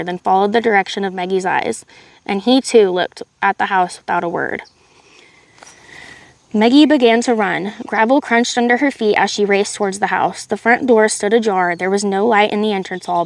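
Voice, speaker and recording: A woman reads a novel aloud on a live stream, keeping a steady, even voice and breaking off now and then for chatty asides to her viewers. She sits close to a desk mic, and the sound is dry, with no room echo. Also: mid-range voice, vocal fry. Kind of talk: live read-aloud narration.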